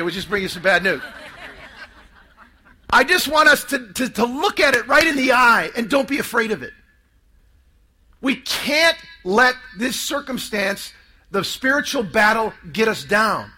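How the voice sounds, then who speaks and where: A man's voice: high-pitched, animated, normal speed, bright, forceful tone, slight background noise. A man preaching a sermon to a live audience, emphatic and calling for responses.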